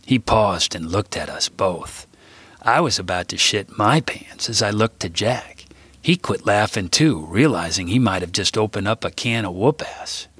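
A man reading his own book aloud in a measured, unhurried storytelling manner. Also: on the low side, lively intonation, fairly bright tone, breathy edge, no room sound. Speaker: author. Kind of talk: audiobook reading.

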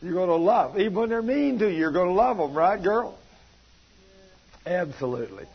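A man's voice: high voice, expressive, normal speed, breathy edge, muffled recording. A man preaching a sermon, folksy and plainspoken, his delivery swelling and dropping. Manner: folksy, rising and falling preaching cadence.

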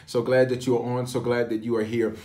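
A man, a pastor leading an online prayer hour and greeting viewers with lively call-and-response. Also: medium pitch, fast. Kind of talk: livestream prayer hosting.

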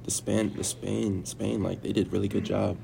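Young man, very low pitch, heavy vocal fry, casual rambling chat, filler-heavy. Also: level tone, normal speed, warm tone, a little hiss or hum. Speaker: interviewee. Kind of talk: casual conversation.

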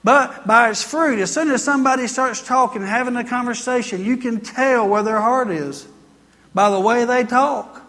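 A man's voice: very high voice, moderate pace, sharp tone, big-room sound. A male pastor preaching a sermon in a folksy, emphatic way and quoting scripture.

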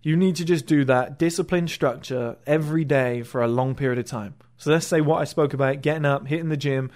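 A man's voice: a little high, brisk, a little mellow. A man hosting his own motivational channel, talking bluntly and sarcastically and mocking people's excuses in put-on voices. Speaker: motivational video host. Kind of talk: casual motivational monologue.

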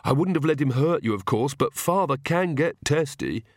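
A man's voice: a little high, lively intonation, normal speed, no echo, studio quality, voice pushed up. A man voicing an earnest young male vampire, a little breathless, in an audiobook. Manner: panting, earnest.

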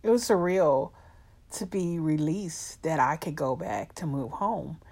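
Emotional woman with a low voice. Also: a little slow, a little mellow, husky. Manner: emotional and heartfelt, with hesitant fillers; addresses her audience as y'all. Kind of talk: personal storytelling.

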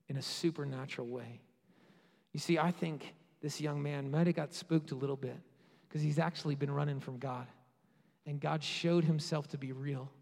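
A man preaching a sermon with passion, rising to loud peaks and dropping to quiet asides. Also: fairly high pitch, gravelly. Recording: long hall reverb.

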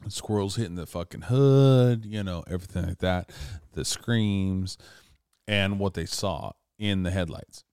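A man's voice: deep voice, measured pace, a little mellow, smooth, no echo, clean studio sound. A man casually telling an urban legend story, rambling and swearing often, with laughs between lines.

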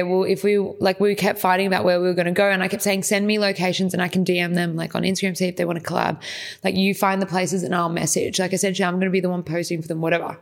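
Young woman, podcast co-host, rambling casual chat, lots of filler words, swears freely. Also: lowish voice.

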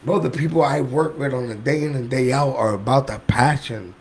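A man's voice: mid-range voice, brisk, slight background noise. A man talking passionately in a casual podcast chat, often restarting his sentences. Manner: passionate, repeats himself, restarts. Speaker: guest, medical cannabis worker.

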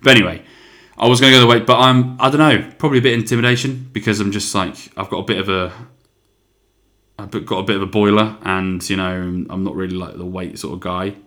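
A man's voice: lowish voice, steady tone, quick pace, bright, forceful tone. A young man hosting his own podcast, rambling in casual chat, swearing freely and poking fun at himself. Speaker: podcast host.

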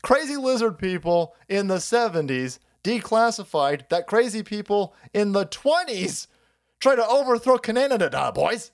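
A sarcastic, foul-mouthed man running a livestream rant, his pitch leaping up and down as he mocks one target after another. His voice sits a touch high for a man, and he rambles loosely, breaking off to laugh between lines. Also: big pitch swings, a little slow. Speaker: livestream host.

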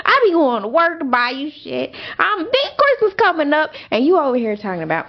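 Animated young woman telling a story. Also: high voice, brisk, hardly any pauses, lo-fi sound. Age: young adult. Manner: animated, swearing, rambling with fillers. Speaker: podcast host. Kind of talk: casual storytelling.

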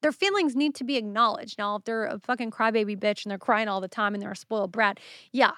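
Woman podcast host, solo show, candid and casual, smooth voice in a dry booth. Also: mid-range voice, fast talker, a bit bright, no echo. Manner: candid, casual, swears freely.

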